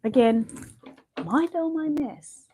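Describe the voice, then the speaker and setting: Aussie woman rambling on a home vlog, slow easygoing pace, goes quiet a lot. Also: high voice, slight background noise. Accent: Australian. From Australia. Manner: chatty, rambling, often drops to a hushed voice. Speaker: vlogger showing reborn dolls. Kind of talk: casual show-and-tell chat. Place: home bedroom.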